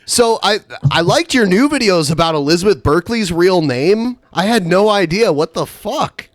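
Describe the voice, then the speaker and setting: A man's voice: high-pitched, animated, normal speed, no room sound, studio quality. A man co-hosting a podcast, chatting casually and laughing often. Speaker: podcast co-host.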